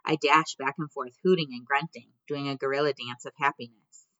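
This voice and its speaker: A woman narrating an audiobook in the first person, in a measured, gently expressive way. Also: very deep voice, dry recording, lo-fi sound. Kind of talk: scripted narration.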